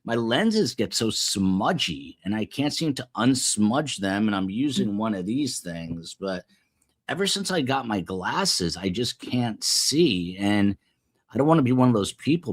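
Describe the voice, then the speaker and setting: Male livestream host, rambling, low voice, casual live commentary. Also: husky. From United States. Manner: rambling, chatting with viewers. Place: upper floor of a building.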